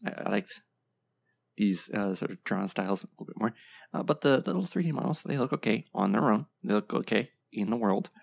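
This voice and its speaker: A man's voice: on the low side, lively intonation, a little fast, gravelly. A man hosting a casual reaction video, giving blunt, opinionated commentary full of ums and short laughs. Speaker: video game reaction host.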